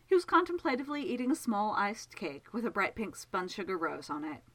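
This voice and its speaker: A woman reads a story aloud with gentle, measured care. Her pitch sits in the middle but moves in wide, lively arcs, giving the prose an animated lilt. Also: low-quality recording. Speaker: reader. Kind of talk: storybook narration read aloud.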